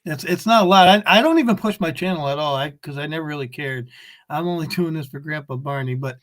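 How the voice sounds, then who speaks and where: Laid-back male co-host, laughs a lot, lightly high voice. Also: fast talker, a bit bright. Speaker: co-host trader. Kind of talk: casual live stream chat.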